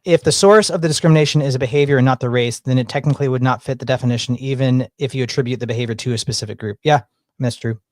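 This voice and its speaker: A man's voice: mid-range voice, fairly even intonation, very fast, dry recording. A man in his thirties hosting a podcast, chatting casually in a rambling, laid-back way. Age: 30s. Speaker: podcast host.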